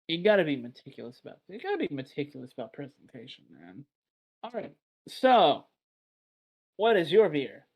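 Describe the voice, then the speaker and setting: A man's voice: fairly high pitch, very animated, moderate pace, highs cut off. A man from Texas hosting a casual beer podcast, chatty and rambling, swearing offhand. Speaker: podcast host. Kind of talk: casual chat.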